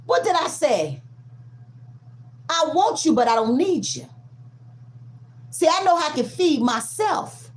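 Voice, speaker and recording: Blunt, high-voiced woman tarot reader. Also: sing-song. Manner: blunt, profane, preachy; emphatic, drawn-out stresses. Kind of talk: casual collective tarot reading.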